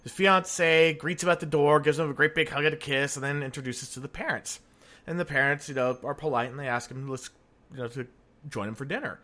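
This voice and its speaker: A man's voice: a little high, fairly quick, bright, forceful tone. A man hosting a podcast, telling jokes in casual chat and laughing at his own punchlines. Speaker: podcast host.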